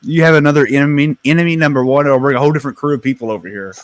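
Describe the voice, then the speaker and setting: Oklahoma man, rapid-fire, teasing, casual panel talk. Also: a little high, no room sound. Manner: teasing, fast-talking, says y'all.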